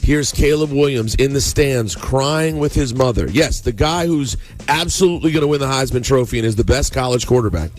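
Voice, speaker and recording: A man's voice: medium pitch, a little fast. A man co-hosting a morning radio show, bantering and ranting in mock outrage. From United States. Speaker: radio co-host. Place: radio studio. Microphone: studio microphone. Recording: radio studio with music bed.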